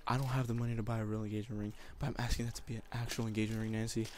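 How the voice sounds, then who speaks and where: A man's voice: on the low side, level tone, very fast, a little mellow, a little hiss or hum. A young man making an emotional, teary proposal over a gaming commentary, rambling and repeating himself. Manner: rambling and repetitive, often saying basically. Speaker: YouTuber.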